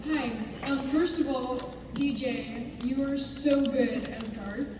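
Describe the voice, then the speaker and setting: A woman's voice: high voice, slow, noisy background. A woman fan asking a hesitant question at a panel, with many fillers. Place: large convention hall. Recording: echoey hall, from far off.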